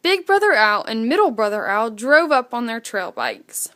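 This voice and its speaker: Expressive woman reading a children's story. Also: fairly high pitch, moderate pace. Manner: expressive, with acted sound effects.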